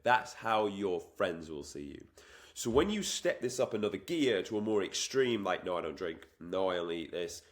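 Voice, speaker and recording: A man coaching on fitness in an emphatic, repetitive way, acting out the voices in people's heads. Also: on the low side. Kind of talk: motivational talk to camera.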